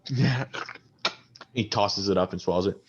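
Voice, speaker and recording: A man running a tabletop game as game master, narrating casually and haltingly, with lots of ums and likes. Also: lowish voice, slightly rough, highs cut off.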